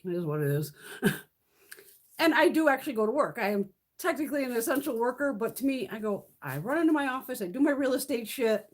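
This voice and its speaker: Chatty woman in her fifties, lively pitch. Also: quick pace. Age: 50s. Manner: rambling and chatty, swears freely, laughs often. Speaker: beauty vlogger hosting a live stream. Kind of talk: casual live-stream chat.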